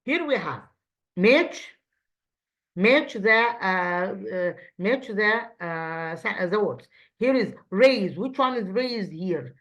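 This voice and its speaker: A woman English teacher whose first language is Arabic, speaking with an Egyptian accent. She goes over exercises in a halting way, repeating words and checking with "okay?". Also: medium pitch, animated, fairly bright tone, dull audio. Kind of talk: revision lesson.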